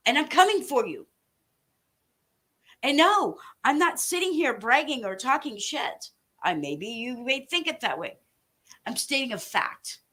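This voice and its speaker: A woman's voice: a little high, very animated, unhurried, sharp tone. A woman delivering an angry, profane rant straight to her viewers, making threats and hammering her points with emphasis. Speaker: online commentator. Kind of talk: angry direct-to-camera rant.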